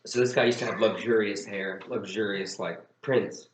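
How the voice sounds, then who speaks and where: A man's voice: on the low side, fairly even intonation, normal speed, roomy sound, a little hiss or hum, rough recording. A young man co-hosting a casual podcast, telling funny stories and acting out what people said, often breaking into laughter. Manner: laughing storyteller, acts out quotes. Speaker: podcast co-host. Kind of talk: casual chat.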